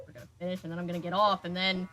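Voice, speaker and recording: A woman's voice: fairly low pitch, flat delivery, very fast, sharp tone, soft background music. A young woman chatting casually to her viewers while she plays a video game, talking back to the game as she goes. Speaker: game streamer. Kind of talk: casual gameplay commentary.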